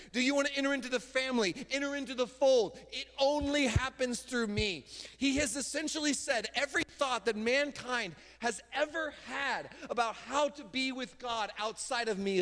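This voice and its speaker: A man pastor preaching a sermon from a church stage, casual and emphatic, with sudden loud bursts. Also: very high-pitched, moderate pace. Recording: long hall reverb in a church.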